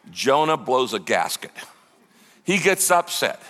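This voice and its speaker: A man preaching a sermon as pastor, animated and conversational, acting out the voices of the people in his story. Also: fairly high pitch, unhurried, long reverb tail. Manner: lively preaching, acts out quoted voices.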